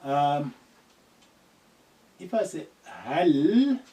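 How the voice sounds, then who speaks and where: A man teaches a beginners' language class, drawing out each word and repeating phrases so learners can follow along. His voice sits a little high and swings up and down a lot as he talks. He sounds some way off from the mic. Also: big pitch swings, warm tone. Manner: slow and deliberate, repeating phrases and spelling out sounds. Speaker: Arabic teacher. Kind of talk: classroom lesson. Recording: distant from the mic.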